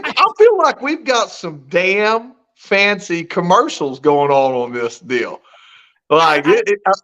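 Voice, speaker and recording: A man's voice: sits high, a bit bright, highs cut off. A man co-hosting a podcast, rambling in a folksy way with mild swearing. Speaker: podcast co-host. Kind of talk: casual podcast chat.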